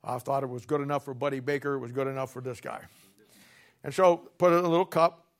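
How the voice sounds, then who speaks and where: A man's voice: mid-range voice, fairly even intonation, fast. A man preaching a sermon, telling a story with a sarcastic, folksy humor and reading scripture aloud.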